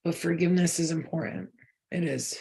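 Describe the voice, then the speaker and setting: A woman's voice: fairly low pitch, brisk, creaky, dark tone. A woman giving a casual channeled spiritual reading to her viewers, talking in a rambling, chatty way and swearing now and then. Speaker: spiritual reader.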